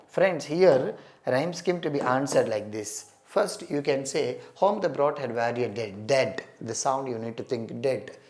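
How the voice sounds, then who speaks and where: A man's voice: mid-range voice, a little mellow. A man giving an exam-prep lecture, asking and answering his own questions and repeating key points. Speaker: English teacher.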